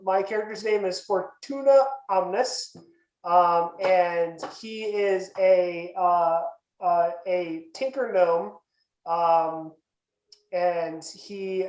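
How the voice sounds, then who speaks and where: Hesitant player in an echoey room. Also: male voice, high voice, slow pace, darkish tone. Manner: hesitant, many fillers. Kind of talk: casual chat about a tabletop character.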